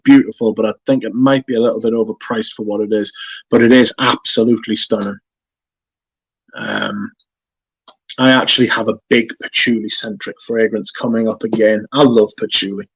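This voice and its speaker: A man hosting a fragrance livestream, chatting casually and reading viewer comments aloud in a relaxed, chatty way. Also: on the low side, moderate pace, husky, no room sound. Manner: relaxed, chatty, yawning now and then.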